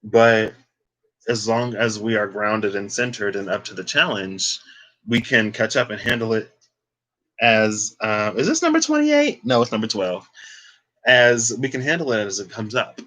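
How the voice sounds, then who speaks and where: A man's voice: fairly low pitch, fairly even intonation, measured pace, sharp tone, rough recording. A man doing a casual livestreamed tarot card reading, talking in a loose, chatty way with sassy asides.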